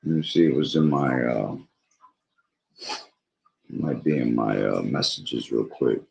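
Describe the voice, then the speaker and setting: A man's voice: very deep voice, takes it slowly, vocal fry. A man preaching about prophecy and reading scripture aloud, rambling and checking in with "all right?" while he is losing his voice. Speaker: bible teacher streamer.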